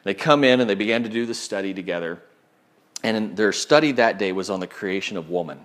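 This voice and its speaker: A man preaching, telling a story in an animated way and acting out the people he quotes. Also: fairly low pitch, a little fast. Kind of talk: sermon storytelling.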